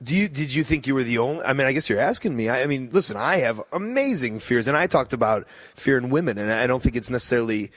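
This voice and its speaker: A man's voice: mid-range voice, lively intonation, fast talker, hardly any pauses, fairly bright tone, no room sound. A man hosting a casual podcast interview, talking bluntly and teasingly, swearing freely and rambling. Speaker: podcast host.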